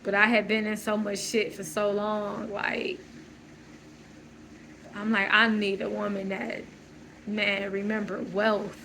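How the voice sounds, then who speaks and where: A woman's voice: medium pitch, little pitch movement, slow pace, pauses often, sharp tone, slight background noise, low-quality recording. A woman talking through a loose, searching personal monologue, full of fillers and restarts. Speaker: channel host.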